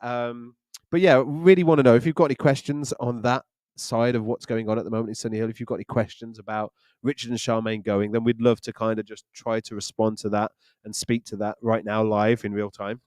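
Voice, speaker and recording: A man's voice: mid-range voice, flat delivery, fairly quick, a little mellow, clean tone, no room sound. A man co-hosts a church livestream, his voice sitting in an ordinary middle register. He chats easily and jokes often. The sound is close and dry. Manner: jokey, chatty, laughs often. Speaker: church leader and co-host. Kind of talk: live online Q&A chat.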